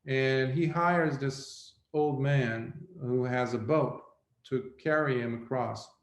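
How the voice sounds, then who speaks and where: A Buddhist monk giving a reflective dharma talk, telling a story slowly with pauses. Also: male voice, medium pitch, fairly even intonation. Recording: roomy echo.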